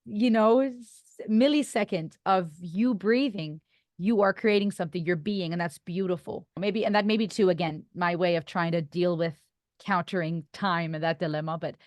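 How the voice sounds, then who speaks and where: A woman's voice: on the low side, moderate pace, a little mellow, dry recording. Earnest, reflective woman host with a dry sound. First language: German. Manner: earnest, reflective, laughs often. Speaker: podcast host. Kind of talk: conversational podcast interview.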